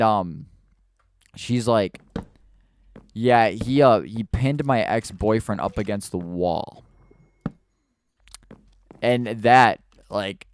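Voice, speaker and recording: A man's voice: lowish voice, clear, resonant tone, dry recording. Man rambling through a spooky storytime. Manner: rambling, hesitant, many restarts and fillers. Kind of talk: casual storytime narration while playing a video game.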